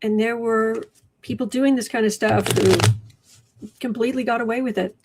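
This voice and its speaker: A woman hosting a casual livestream at her desk, reading viewer comments aloud and often dropping into soft asides. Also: a little high, fairly even intonation, slight background noise. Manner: slow, drops to soft asides and whispers. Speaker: livestream host reading chat. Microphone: desk microphone.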